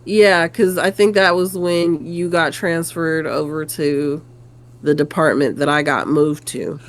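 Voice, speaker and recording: Slow, unhurried female co-host. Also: sits low, fairly even intonation. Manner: unhurried, thoughtful, trails off while recalling. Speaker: podcast co-host. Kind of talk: casual chat.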